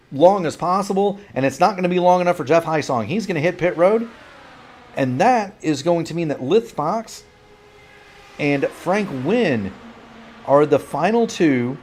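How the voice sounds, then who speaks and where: His voice is fairly high but darkish in tone, expressive and a little slow. He's calling play-by-play for a sim racing broadcast with a bout of hiccups, rambling and correcting himself as he goes.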